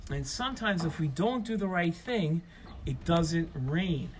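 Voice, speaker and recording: Middle-aged guy telling little kids a story, high voice, slows down and stresses words, faint outdoor noise. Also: animated. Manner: emphatic, slowed-down explaining for children. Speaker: children's storyteller. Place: outdoors at his home.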